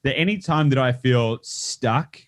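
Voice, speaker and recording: A man's voice: animated, measured pace. A man hosting a podcast interview, talking in loose rambling sentences with frequent restarts. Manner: rambling, restarts often, acts out clients in a high voice. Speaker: podcast host. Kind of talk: casual interview chat.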